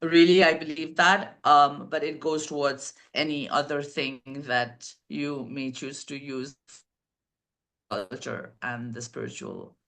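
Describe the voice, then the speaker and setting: Slow, deliberate woman podcast co-host. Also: deep voice, fairly bright tone. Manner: slow and deliberate, pausing often with fillers. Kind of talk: spiritual podcast conversation.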